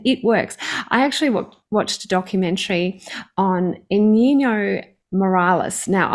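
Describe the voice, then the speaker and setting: A woman's voice: medium pitch, darkish tone. A woman hosting a podcast interview, speaking in a reflective, articulate way as she shares her thoughts and asks questions. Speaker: podcast host. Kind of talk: interview conversation.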